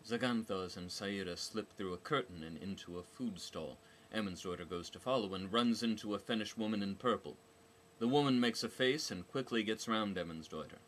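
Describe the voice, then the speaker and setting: A man's voice: sits low, normal speed, a bit bright, a little hiss or hum. A man narrating a novel as an audiobook, with a dry, wry delivery.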